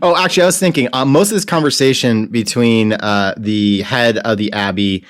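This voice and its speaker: Male podcast co-host, slightly low voice, wry and thoughtful delivery. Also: moderate pace. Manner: wry and thoughtful, with laughing asides. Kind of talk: casual comic-book podcast chat.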